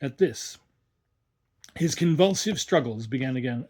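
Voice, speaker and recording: A man narrating a story in a measured, expressive reading. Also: medium pitch. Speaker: reader.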